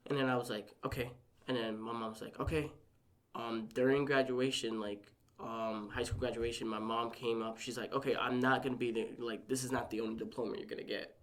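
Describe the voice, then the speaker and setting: A man's voice: medium pitch, level tone, brisk. A young man chatting as a podcast guest, rambling through a personal story with lots of "like" and acting out what his family said. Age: young adult. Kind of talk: casual podcast conversation.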